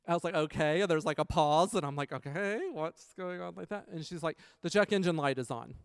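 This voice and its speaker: Smooth-voiced man telling a story. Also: on the high side, brisk, dry recording, clean studio sound. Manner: chatty, retells scenes with quoted dialogue, faith-based reflection. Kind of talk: casual personal storytelling.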